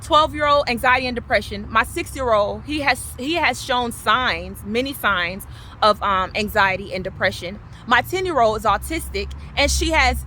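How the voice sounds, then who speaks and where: A woman, telling her personal testimony with passion, repeating herself and swinging from loud to low. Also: slight background noise. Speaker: vlogger sharing her testimony.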